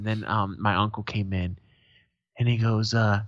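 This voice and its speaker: A man co-hosting a casual podcast, telling rough family stories full of swearing and acting out the voices of his relatives. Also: lowish voice, normal speed, no echo, muffled recording. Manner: profane, storytelling, acts out quotes. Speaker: podcast co-host.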